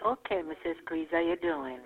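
A woman calling in to a radio show, talking earnestly in halting phrases. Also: fairly low pitch, fairly even intonation, a loud crowd. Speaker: caller. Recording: tinny phone line.

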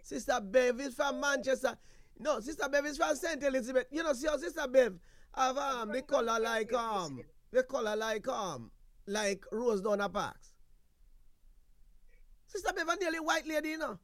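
Here the Jamaican call-in host sounds very high and a bit bright, with lively intonation at normal speed and no room sound. His casual patois banter is full of laughter and repetition.

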